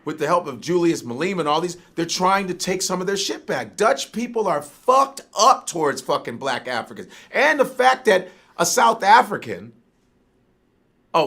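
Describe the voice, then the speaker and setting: A man's voice: high-pitched, big pitch swings, moderate pace, fairly bright tone, husky. A man ranting as a comedian in a played clip, heated and full of swearing. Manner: profane, heated. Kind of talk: stand-up style rant.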